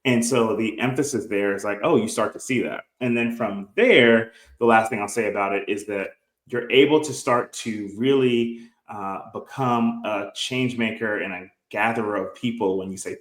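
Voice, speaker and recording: Late-30s man, low-pitched, earnest podcast guest, roomy echo. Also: steady tone, fairly bright tone. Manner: reflective, earnest, quotes others in quick bursts. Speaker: guest entrepreneur. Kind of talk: conversational podcast interview. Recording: echoey room.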